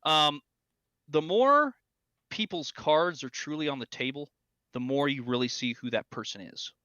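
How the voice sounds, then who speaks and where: Man, podcast co-host, animated storyteller, bright and slightly high voice, dry close sound. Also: measured pace, no echo, highs cut off. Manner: animated storyteller, acts out quotes loudly. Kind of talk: casual chat.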